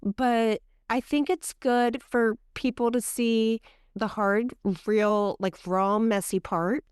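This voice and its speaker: A woman's voice: a little high, slow pace, smooth, no room sound, clean studio sound. Chatty woman podcast co-host. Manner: animated storyteller, fillers of "like". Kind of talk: casual chat.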